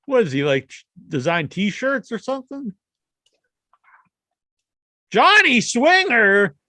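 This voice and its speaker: A man's voice: high voice, very animated, normal speed, no echo. A man hosting a casual podcast chat, joking crudely and swearing freely. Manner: crude, joking, profane banter. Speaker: podcast host.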